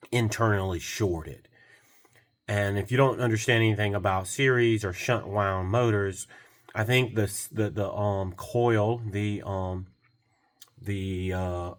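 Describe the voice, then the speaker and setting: A man's voice: on the low side, a bit bright. A young adult man, a repair technician, telling a long customer story in a rambling, casual way. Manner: rambling, quotes others in shifting voices. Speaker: golf cart repair technician.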